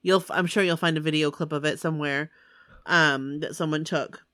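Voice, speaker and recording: A woman chatting casually with a friend, agreeable and full of "like" fillers and quick yeps. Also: deep voice, steady tone, fairly bright tone, no echo, studio quality. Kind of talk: casual chat.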